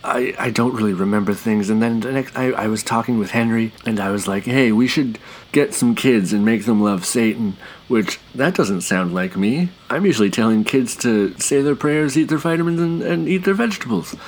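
A man's voice: medium pitch, normal speed, slight background noise, lightly acted, rough recording. A man voicing a simple, befuddled male farmer who stammers and rambles, out of breath. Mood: flustered.

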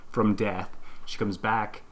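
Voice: mid-range voice, level tone, slow pace. A comedy podcast co-host giving mock-serious bad advice in a dry delivery. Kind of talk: improvised comedy chat.

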